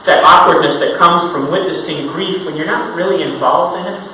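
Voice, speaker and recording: A male pastor delivering a sermon, telling a story with sudden emphatic rises and soft drops. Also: brisk. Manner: storytelling, rising to emphatic highs then dropping soft. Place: church sanctuary. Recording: echoey hall from far off, noisy.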